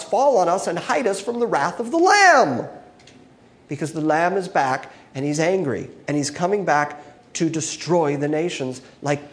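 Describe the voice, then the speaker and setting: A man teaching a Bible passage as a sermon, expressive, swinging between loud emphasis and hushed asides. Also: a little high.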